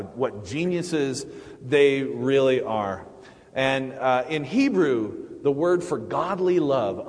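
A middle-aged man giving a personal Mother's Day sermon in a church, with halting restarts and fillers. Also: medium pitch. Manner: halting, many restarts and fillers, warm laughs. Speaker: church speaker. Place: church sanctuary. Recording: long hall reverb.

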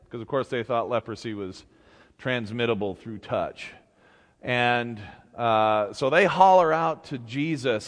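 A man preaching a conversational sermon in a church, animated and casual, acting out the voices in the story and chuckling along the way. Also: mid-range voice, unhurried. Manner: conversational, animated, acts out shouted quotes, chuckles. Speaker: pastor. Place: church sanctuary. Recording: church hall reverb.

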